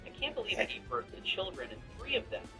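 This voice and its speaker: A man's voice: sits high, huge pitch swings, quick pace, voice pushed up. A man voicing a young new mother, tired but playful and teasing her husband. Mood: tender. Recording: distant mic with background music.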